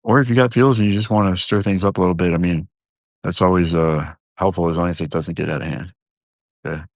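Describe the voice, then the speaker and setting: A man's voice: low-pitched, steady tone, fast, no echo, clean studio sound. A man hosting a live stream in loose, rambling casual chat, full of fillers and restarts, joking and talking straight to his viewers. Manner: joking, talks directly to viewers.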